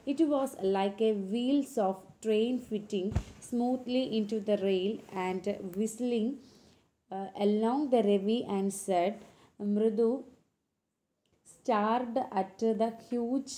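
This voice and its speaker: A woman teacher with an Indian English accent reads a textbook lesson aloud slowly, stopping to explain words and correct her own slips. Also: mid-range voice, warm tone. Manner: slow, halting reading with frequent self-corrections. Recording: echoey room recording.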